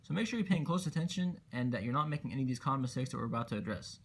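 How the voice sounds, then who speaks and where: A man's voice: mid-range voice, animated, rapid-fire. A man teaching Quran recitation rules step by step, patiently explaining and repeating letters for emphasis. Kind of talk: step-by-step tajweed lesson.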